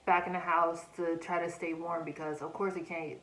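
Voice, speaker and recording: A woman's voice: lowish voice, little pitch movement, moderate pace, fairly bright tone, roomy sound, low-quality recording. A young woman in a casual storytelling vlog, chatting animatedly and acting out quoted asides, recorded on a phone. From United States. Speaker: vlogger. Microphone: phone camera.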